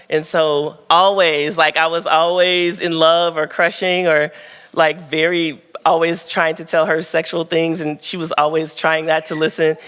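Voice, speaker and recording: A woman's voice: low voice, fairly even intonation, normal speed, fairly bright tone, big-room sound. A woman author answering audience questions at her book launch. She talks frankly and chattily, often laughing, and fills her stories with ums and likes. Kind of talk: candid Q&A at a live book event. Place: event room at a book launch.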